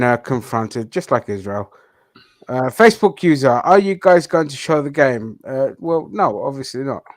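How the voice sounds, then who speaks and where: A man's voice: medium pitch, no room sound. A man co-hosting a live stream, making blunt remarks with frequent swearing. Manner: blunt, swearing, short interjections. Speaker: co-host. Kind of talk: casual live-stream chat.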